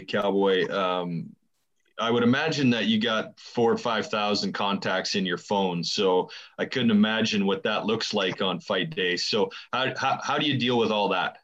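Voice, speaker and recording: A man's voice: fairly low pitch, fairly bright tone, lo-fi sound. A man co-hosting a podcast, asking questions with lots of hesitation and fillers. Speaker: podcast co-host. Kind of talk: casual podcast chat.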